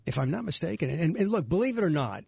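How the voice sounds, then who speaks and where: Gravelly, husky middle-aged radio host. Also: male voice, a little high, very animated, quick pace, dark tone, no room sound, clean studio sound. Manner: rambling, self-interrupting storyteller. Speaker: radio talk show host. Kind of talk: casual radio talk.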